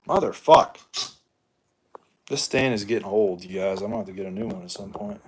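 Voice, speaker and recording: A man's voice: fairly low pitch, moderate pace. A young man from Ohio chatting casually and profanely to his livestream viewers while setting up gear. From Ohio, United States. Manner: rambling, profane, addresses viewers as dude. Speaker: livestream host.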